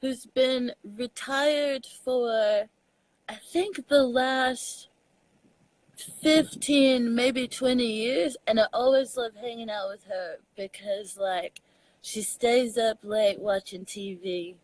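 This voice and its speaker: A young adult woman from Texas with a Southern accent, chatting casually as a comedian guest, animated and laughing often. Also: on the high side, takes it slowly, dry recording, rough recording. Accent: Southern US, Texan. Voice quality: animated storyteller, laughs often, mixes in slang. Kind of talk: casual chat.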